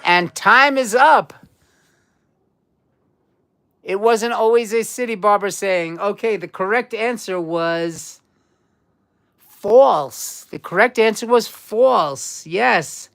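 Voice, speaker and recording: With a medium-pitched voice, slow pace, and vocal fry, a woman hosts a casual trivia quiz on a live stream. She's chatty with her viewers and often repeats herself.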